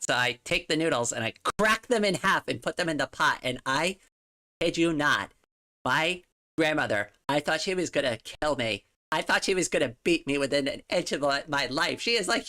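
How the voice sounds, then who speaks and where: Woman streamer, casual chat, slightly low voice, rambling and giggly, home desk mic. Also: expressive, normal speed, pushed and bright. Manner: rambling, lots of "like", giggles often.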